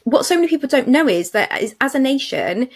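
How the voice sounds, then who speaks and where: Brisk and very animated, this high-voiced woman is co-hosting a podcast. She chats casually and eagerly, with plenty of fillers and false starts.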